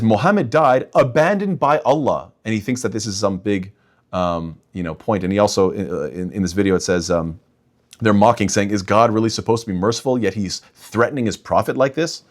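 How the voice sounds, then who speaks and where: Young guy doing a faith rebuttal talk, kinda low voice, emphatic, keeps saying guys. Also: a little fast. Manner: emphatic, addresses listeners as "guys". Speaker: imam and apologetics speaker.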